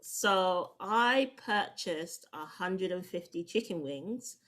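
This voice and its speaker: A woman's voice: fairly low pitch, animated, slow pace, noisy background. Casual woman laughing through a comic story. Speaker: comedian and panel guest. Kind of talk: comic anecdote on a live panel.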